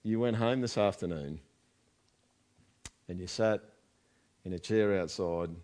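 Unhurried and lowish, with a slightly mellow tone, a male pastor delivers a conversational sermon that frequently throws rhetorical questions at the congregation.

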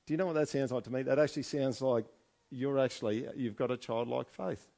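A man's voice: medium pitch, fairly even intonation, a little fast, vocal fry, mellow. A man preaching a chatty sermon in a church, often asking the congregation questions. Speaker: pastor. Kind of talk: conversational sermon.

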